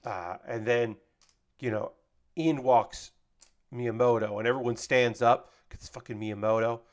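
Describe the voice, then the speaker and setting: A man's voice: medium pitch, steady tone, a little slow. A man chatting casually on a live stream while building LEGO, rambling and swearing freely as he reads out chat messages.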